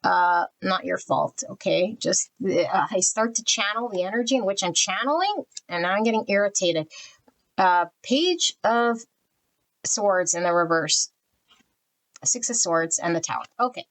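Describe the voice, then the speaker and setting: A woman's voice: mid-range voice, lively intonation, measured pace, a bit bright, rough recording. A woman giving a general pick-a-card tarot reading, talking bluntly in spiritual terms and naming cards as she draws them. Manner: blunt, spiritual, channels energy. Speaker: tarot reader.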